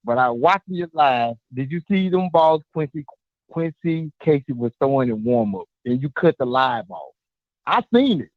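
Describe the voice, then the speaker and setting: A man calling in to a live sports show, loud and teasing, talking over the host. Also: mid-range voice, animated, normal speed, no room sound, narrow, tinny audio. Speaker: caller. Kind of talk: casual sports banter on a call.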